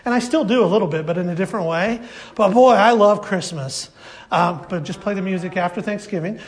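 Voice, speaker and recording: A man preaching a sermon at a church service, lively and acting out the voices of his congregation. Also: high voice, brisk. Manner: animated, acts out congregation voices. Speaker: pastor.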